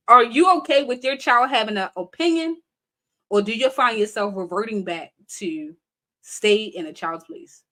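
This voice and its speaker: A woman's voice: a little high, measured pace, pauses often, a bit bright. A young adult woman hosting a casual live-stream chat, talking animatedly, laughing often and reading viewer comments aloud. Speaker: live show host.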